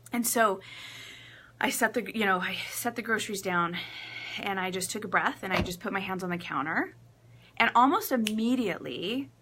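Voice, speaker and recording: A woman talking straight to camera as a relationship coach, her voice bright and forward. She tells stories casually and with feeling, playing out both sides of a conversation and laughing often. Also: medium pitch. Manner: animated storytelling, acts out quotes.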